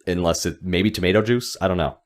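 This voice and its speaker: A man co-hosting a podcast, joking and bantering casually. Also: deep voice. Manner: jokey, quick banter with laughs. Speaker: podcast co-host.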